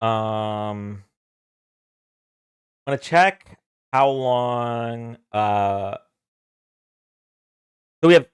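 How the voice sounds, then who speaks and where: A man's voice: medium pitch, drawn-out words, pauses often, clear, resonant tone, dry recording, clean studio sound. A man hosting a casual livestream, chatting loosely with fillers and easy laughs. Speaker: livestream host.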